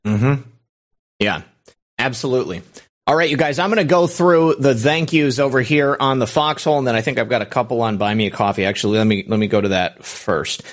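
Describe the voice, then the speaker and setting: A man hosting a live stream, reading viewer thank-yous aloud in a brisk, casual way with frequent fillers. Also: medium pitch. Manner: brisk, reads out names with fillers. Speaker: host.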